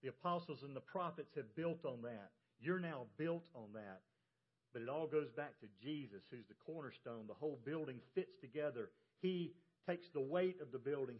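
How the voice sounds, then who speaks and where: A man from the American South with a Southern accent, preaching a sermon as pastor and telling folksy stories with emphasis. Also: a little high. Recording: dull lo-fi church audio.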